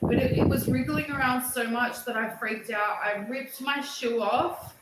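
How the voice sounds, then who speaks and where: A middle-aged woman from Australia, telling stories in a casual livestream chat, animated and prone to loud excited bursts. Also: high-pitched, measured pace. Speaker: livestream host. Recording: echoey room with loud noise.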